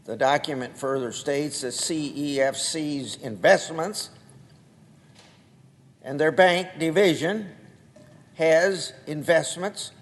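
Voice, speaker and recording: An older man, a senator, giving a formal floor speech read from documents, with a slow, halting delivery that marks each quotation. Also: fairly high pitch. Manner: slow, deliberate, halting delivery with marked quotes. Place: large legislative chamber. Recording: long reverb of a large hall.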